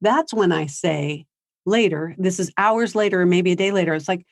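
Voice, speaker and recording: A woman's voice: lowish voice, normal speed, no echo, clean studio sound. A woman giving a parenting seminar in a conversational way, acting out what teens and parents say. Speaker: parenting speaker. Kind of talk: seminar talk. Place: high school seminar.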